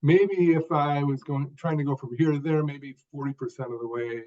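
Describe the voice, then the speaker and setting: Older guy on a podcast call, slightly high voice, talks in short punchy phrases, muffled lo-fi sound. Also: fairly even intonation, dark tone. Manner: speaks in short deliberate phrases with stressed words. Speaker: guest author. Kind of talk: podcast interview storytelling.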